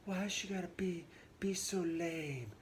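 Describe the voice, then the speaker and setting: A man voicing an impatient, whiny teenage girl in a high falsetto with a valley-girl twang. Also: unhurried, slight background noise.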